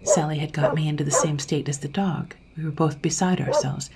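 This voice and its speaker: A woman narrating a dark story in a hushed, often whispering manner and then commenting on it. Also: low-pitched, a little fast, heavy background noise. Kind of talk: audiobook storytelling.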